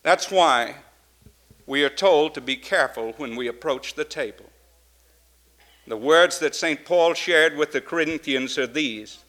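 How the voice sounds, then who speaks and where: A man preaching a sermon, swinging from loud, ringing emphasis to hushed, intense passages and repeating key phrases for effect. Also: fairly high pitch, unhurried.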